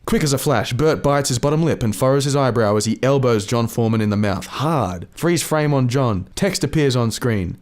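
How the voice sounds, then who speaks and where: An Australian man reads out a comedy screenplay as narrator, with a dry, deadpan delivery. His voice sits at an ordinary mid pitch. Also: normal speed, few pauses. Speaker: podcast host and script reader.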